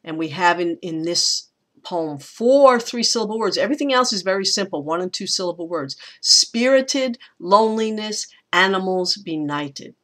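A woman's voice: lowish voice, animated. Thoughtful woman lecturing on poetry. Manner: thoughtful, unhurried, with frequent fillers and restarts. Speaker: teacher.

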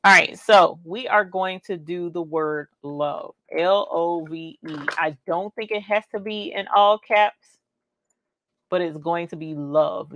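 A woman's voice: low-pitched, creaky, a bit bright, no room sound, muffled recording. A woman, chatting playfully as a craft livestream host. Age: 40s. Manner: playful, chatty, exclaims "yas, honey". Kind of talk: casual livestream giveaway chat.

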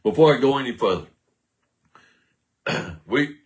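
A man's voice: mid-range voice, lively intonation, unhurried. A man preaching a sermon, firing rhetorical questions and answering them himself while quoting scripture.

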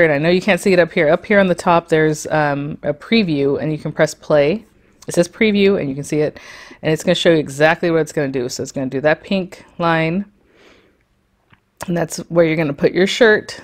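A woman hosting an embroidery tutorial, walking through software on her screen in a chatty, rambling way with lots of fillers and small laughs. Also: low voice. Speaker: sewing and embroidery tutorial host. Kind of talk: casual screen-share tutorial.

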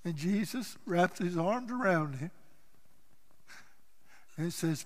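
A man preaching a sermon as pastor, telling a story dramatically and swinging from loud passages to hushed ones. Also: high-pitched, lively intonation, slow pace, long pauses. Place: church sanctuary. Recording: church hall with long reverb.

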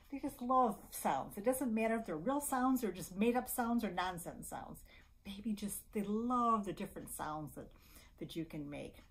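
A woman leading a baby storytime, talking casually about board books and then reading and chanting rhymes in a gentle sing-song with soft whispers in between. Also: mid-range voice, low-quality recording. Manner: gentle, sing-song, slow and drawn-out for babies; casual with fillers and restarts. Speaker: children's librarian.

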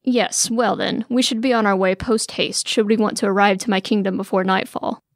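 A woman's voice: medium pitch, fairly even intonation, normal speed, no room sound, clean studio sound, lightly acted. A woman voicing an eager, bumbling young male prince who gushes in a put-on British accent. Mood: pompous. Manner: gushing, pompous, overeager. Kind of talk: audiobook character voice.

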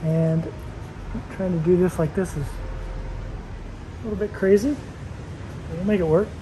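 A man's voice: high-pitched, steady tone, slow pace, mellow, a little hiss or hum. Chatty man vlogging a hotel tour. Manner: chatty, rambling with fillers. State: out of breath. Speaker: travel vlogger. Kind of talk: casual travel vlog. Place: hotel and street in Thailand, walking around.

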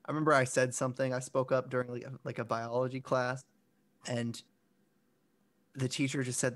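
A man's voice: medium pitch, level tone, brisk, long pauses, a bit bright. A young man co-hosting a casual podcast chat, rambling through self-deprecating stories with restarts. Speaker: podcast co-host.

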